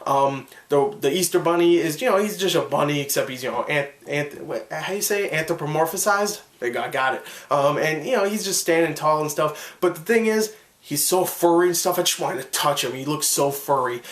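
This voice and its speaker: A man's voice: a little high, lively intonation, a little fast, a bit bright. A young man giving an enthusiastic, rambling casual film review, full of fillers and restarts. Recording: echoey room.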